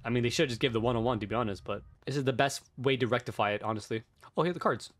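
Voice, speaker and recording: A man's voice: medium pitch, racing. A young man playing a horror game on stream, rambling, swearing and reading on-screen text aloud in casual commentary. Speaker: gameplay streamer. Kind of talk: let's play commentary.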